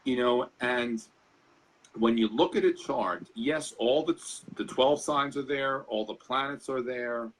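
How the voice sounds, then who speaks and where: A man's voice: medium pitch, unhurried, rough recording. A man guesting on a talk show as an astrologer, speaking in an earnest, reflective way. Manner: earnest, reflective, repeats words. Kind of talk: interview talk.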